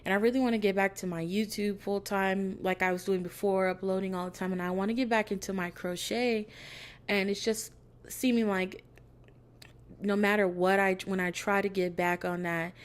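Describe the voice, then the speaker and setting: A woman's voice: medium pitch, fairly even intonation, normal speed. A young woman vlogger in casual, candid chat, a little out of breath, laughing now and then. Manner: chatty and candid, laughing often. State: a bit out of breath. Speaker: crochet vlogger.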